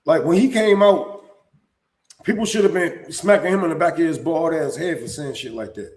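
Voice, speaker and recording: A man with a high, light voice hosts a live-stream commentary. He talks in a blunt, profane and heated way and trips over restarts, and his voice rings around a roomy, echoing space. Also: moderate pace, darkish tone.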